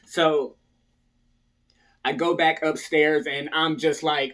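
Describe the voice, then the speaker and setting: A storyteller with a slightly high, a bit bright voice recounts his past to viewers slowly and with a flat delivery. His style is loose and casual, punctuated by "right?" after almost every line, and he jumps into a raised voice to play other people.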